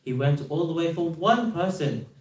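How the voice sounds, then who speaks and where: A man's voice: on the high side, expressive, normal speed, a little mellow. A man giving a sermon, telling stories earnestly, with rhetorical questions and repeated phrases. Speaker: speaker at a religious gathering. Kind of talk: sermon storytelling. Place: hall at a religious gathering. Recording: roomy hall from a distance.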